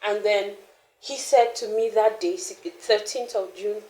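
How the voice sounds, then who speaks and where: A woman in an interview, candidly telling a personal story with frequent laughter and animated restarts. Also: mid-range voice, a little slow, echoey room, poor audio. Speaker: founder of a mothering community, interview guest.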